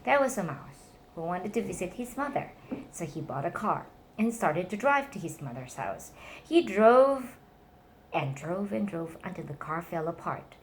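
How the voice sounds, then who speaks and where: Woman reading bedtime stories aloud to a child, very lively pitch, faint background hiss. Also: moderate pace. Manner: animated, voices characters in high squeals. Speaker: reading stories to her nephew.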